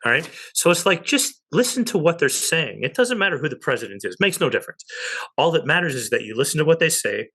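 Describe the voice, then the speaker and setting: A man's voice: a little high, very animated, brisk, pushed and bright. A man giving an emphatic explanation of money as an interview guest, often checking in with "okay?". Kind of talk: animated explanatory talk.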